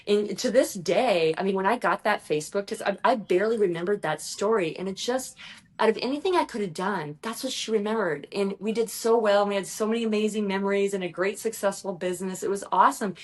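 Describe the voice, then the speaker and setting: A woman guest on a podcast, talking earnestly and telling stories to listeners, now rushing and now slowing down. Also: medium pitch. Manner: earnest, storytelling, addresses listeners as "you guys". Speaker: guest, executive performance strategist. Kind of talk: podcast interview talk.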